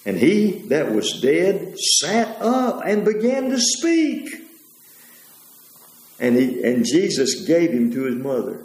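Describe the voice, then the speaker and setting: A man preaching a sermon in a rambling way, pausing on fillers and correcting himself as he goes. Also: fairly high pitch, wildly swooping pitch, darkish tone, echoey room, poor audio.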